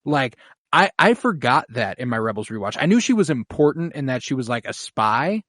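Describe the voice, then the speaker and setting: A man's voice: medium pitch, very animated, fairly quick, a bit bright, no room sound. Male podcast co-host, keen fan energy, dry close sound. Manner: enthusiastic, gushing. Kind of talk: casual fan chat.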